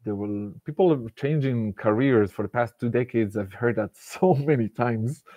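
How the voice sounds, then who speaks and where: A man, giving a casual, animated self-help talk and laughing often between thoughts. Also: medium pitch, moderate pace, dry recording, studio quality. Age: 40s. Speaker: motivational speaker.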